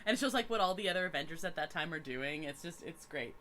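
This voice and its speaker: A woman's voice: low voice, animated, fast, a bit bright. A woman from Canada co-hosting a podcast, chatting with upbeat enthusiasm. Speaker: podcast co-host and writing teacher. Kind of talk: casual chat.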